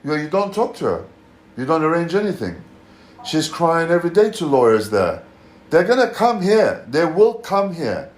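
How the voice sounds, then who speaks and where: A man's voice: fairly high pitch, very animated, normal speed. A father on a phone call, accusing and confronting the person on the line in a heated rant. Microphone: phone call recording.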